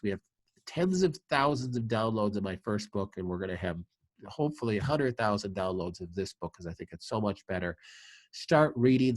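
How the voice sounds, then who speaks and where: A man's voice: on the low side, darkish tone, dry recording. A man, a clinic doctor, answering viewer questions in a live webinar, giving earnest, emphatic advice with frequent fillers.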